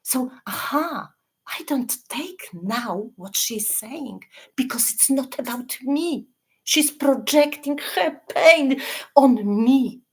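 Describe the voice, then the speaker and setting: Woman, husky voice, self-help talk, earnest, halting, restarts phrases, checks in with listeners. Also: high voice, animated. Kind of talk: casual motivational talk.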